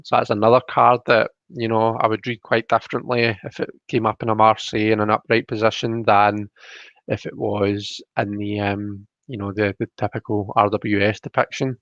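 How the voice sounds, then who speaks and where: A man hosting a casual live stream, reading tarot cards and chatting with viewers. He talks fast and tends to mumble. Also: fairly low pitch, little pitch movement, a bit bright, dry recording. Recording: dry, dull lo-fi sound.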